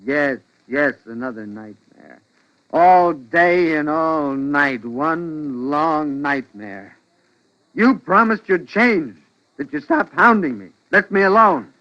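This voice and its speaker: An actor playing a harried husband who turns into a cold killer in a 1940s radio drama, speaking curtly and tensely. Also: male voice, high voice, sing-song, measured pace, sharp tone, heavily acted. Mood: exasperated. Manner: tense, curt, coldly resolute. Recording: lo-fi old radio broadcast.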